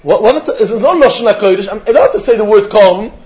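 High-voiced man giving a Talmud lecture. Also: fast talker, highs cut off. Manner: lively, questioning, mixes English with Yiddish and Hebrew terms. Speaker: Talmud teacher.

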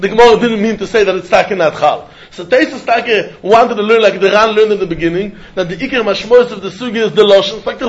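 Reasoning aloud in a fast, animated sing-song with hardly any pauses, a Talmud teacher with a high voice leads a study lecture. He mixes English with Yiddish and Hebrew terms, and the audio is dull and lo-fi.

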